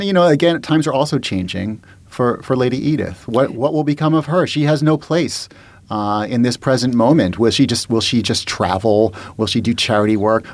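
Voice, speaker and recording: A man's voice: medium pitch, dry recording. Wry rambling man podcast host. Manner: wry, rambling with many restarts. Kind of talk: casual chat.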